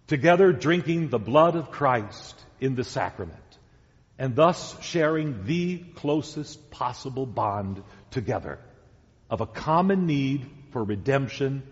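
A man preaching a sermon as pastor, deliberate and emphatic, repeating key words. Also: mid-range voice. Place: church sanctuary. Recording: dull sound with long church reverb.

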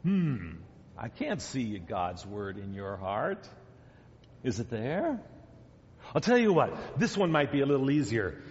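A man giving a children's sermon as pastor, gently asking the children questions and coaxing answers. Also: mid-range voice, big pitch swings, takes it slowly. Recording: dull sound in a long-echo church hall.

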